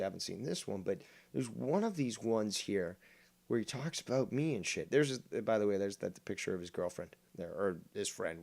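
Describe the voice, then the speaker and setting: A man's voice: lowish voice, vocal fry, a little mellow. Combative, profane male streamer ranting. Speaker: streamer reacting to a critic's videos. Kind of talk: ranting commentary.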